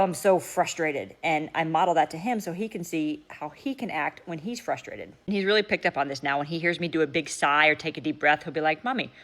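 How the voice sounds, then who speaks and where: Brief: young mom, low voice, talks fast, practical step-by-step parenting advice to camera. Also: female voice. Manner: practical, matter-of-fact, explaining step by step. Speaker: mother giving parenting tips.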